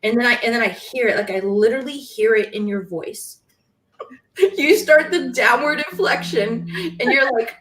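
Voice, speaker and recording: Animated woman in an echoey room. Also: fairly high pitch. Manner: emotional and animated, quick to laugh. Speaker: podcast guest. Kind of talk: casual conversation.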